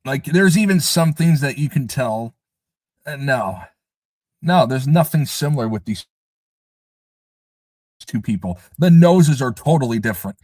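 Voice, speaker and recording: A man runs a live stream in a casual, scoffing way, hammering the same points over and over. His voice sits at an everyday pitch. The sound is dry and close, with no room in it. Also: animated, measured pace, pauses often, darkish tone, dry recording. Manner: emphatic, repeats himself, scoffing. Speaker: livestream host.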